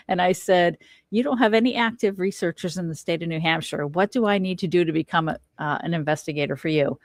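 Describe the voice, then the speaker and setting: A woman's voice: on the low side, a little fast, no room sound, clean studio sound. A middle-aged woman recounting a personal encounter as a podcast guest, acting out quoted lines as she tells it. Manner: animated storyteller, acts out quoted lines. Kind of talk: casual storytelling interview.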